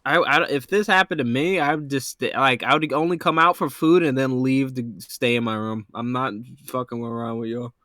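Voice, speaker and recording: A man's voice: medium pitch, steady tone, moderate pace, hardly any pauses, bright, forceful tone, no room sound, clean studio sound. A young man streaming a game, talking in a crude, joking way and laughing a lot. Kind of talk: casual gaming chat.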